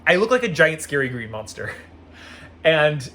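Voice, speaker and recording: A man telling stories casually in a vlog, animated and full of "like" fillers. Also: fairly high pitch, moderate pace. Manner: animated, acts out quoted voices, frequent "like" fillers. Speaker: vlogger.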